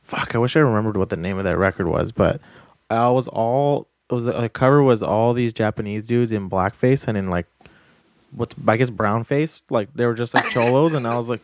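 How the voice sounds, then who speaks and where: A man's voice: mid-range voice, normal speed, no echo. A man co-hosting a podcast, bantering loosely and casually with plenty of swearing. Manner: loose, profane, laid-back banter. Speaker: podcast co-host. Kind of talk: casual chat.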